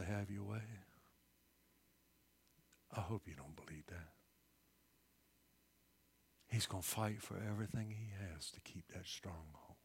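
Folksy and conversational, this preacher puts questions to his congregation while his sermon swings between near-whispers and forceful, loud emphasis. His voice is lowish and husky.

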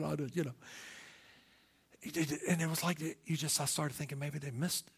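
A middle-aged man preaching a sermon, moving between quiet storytelling and loud, impassioned calls. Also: medium pitch, fairly even intonation, a little fast, husky. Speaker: pastor.

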